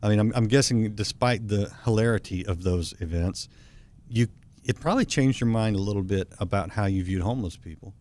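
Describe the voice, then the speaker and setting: American male host, lowish voice, relaxed and conversational, chats with fillers. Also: brisk. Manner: relaxed, laughs often, thinks aloud with fillers. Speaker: talk show host. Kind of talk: casual interview chat.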